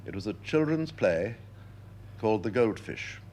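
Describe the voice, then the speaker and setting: An older man being interviewed, telling lively stories and acting out the voices he quotes. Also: fairly low pitch, normal speed, slight background noise. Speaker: interviewed actor. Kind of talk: anecdotal interview talk.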